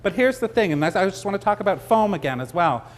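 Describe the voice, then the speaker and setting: A man's voice: high-pitched, lively intonation, quick pace. A middle-aged man giving a live floral design demonstration, chatty and joking with his audience. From Canada.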